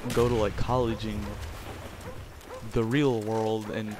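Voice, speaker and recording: A sixteen-year-old Canadian boy rambles crudely and jokingly while commentating casual gameplay, with game gunfire behind his voice. He speaks in a lowish, level voice at a measured pace.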